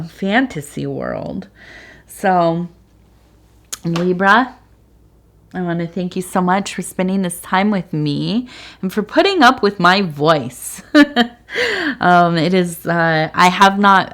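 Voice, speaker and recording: A woman's voice: low-pitched, creaky. A middle-aged woman hosting a casual tea leaf reading, rambling and meandering with lots of fillers. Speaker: tea leaf reader, channel host.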